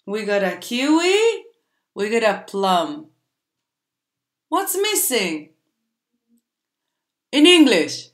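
A woman teaching a playful vocabulary game to children, speaking in a slow, exaggerated teacher voice. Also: mid-range voice, very animated. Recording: echoey room.

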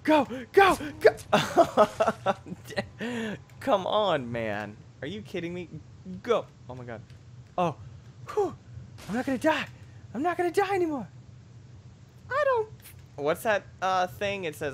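Young male let's player, lively and loud in his reactions, fairly high voice. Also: slow pace, slight background noise. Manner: loud, jumpy reactions with shouts and laughs. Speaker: gameplay commentator. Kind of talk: excitable let's play commentary.

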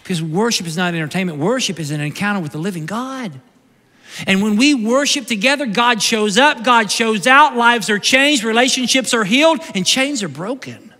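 A male pastor preaching a conversational sermon, moving from loud bursts to hushed, slow lines, recorded live in a church sanctuary. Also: high voice, animated, big-room sound.

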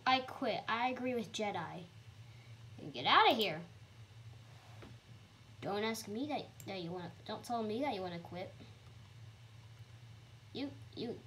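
Young female gamer, higher voice, bouncy delivery, faint keyboard clicks behind. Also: a little hiss or hum. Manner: excitable, chatty, sudden high squeals. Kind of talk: casual gameplay commentary.

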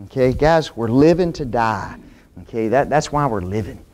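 A man teaching a Bible class sermon in a church, folksy and animated, often asking the class questions. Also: mid-range voice, moderate pace. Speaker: preacher.

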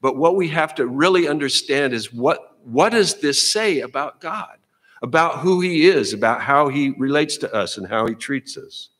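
A man's voice: on the high side, moderate pace, a bit bright, in a large hall. A middle-aged male pastor giving a sermon in a church, talking to the congregation in a folksy, conversational way and often repeating words as he goes. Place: church sanctuary.

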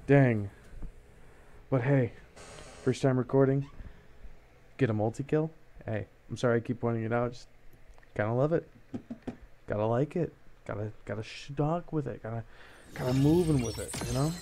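A young man talks his way through a shooter match, joking and rambling, then yelping when things get close. His voice sits at a medium pitch. A clear hiss of noise runs under the recording. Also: measured pace, pauses often. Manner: goofy, rambling, bursts into excited yelps. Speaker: gameplay streamer. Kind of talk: casual gameplay commentary.

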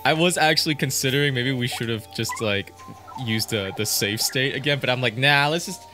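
A man's voice: medium pitch, fairly quick, music in the background. A young adult man laughing and joking while playing a video game on a let's play. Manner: laughing, excitable, goofy. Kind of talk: casual gaming chat.

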